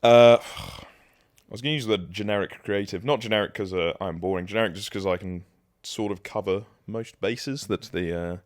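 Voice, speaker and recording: A man's voice: on the low side, moderate pace, no echo, clean studio sound. A young man with an English accent, co-hosting a casual podcast chat in a jokey, self-deprecating, rambling way. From England. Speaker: podcast co-host.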